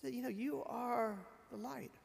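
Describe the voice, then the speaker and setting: High-voiced man preaching in a reverberant hall. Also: unhurried, creaky. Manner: storytelling, animated, swings from loud emphatic to quiet. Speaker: pastor. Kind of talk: sermon at a memorial service. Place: church sanctuary. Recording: long reverb of a church hall.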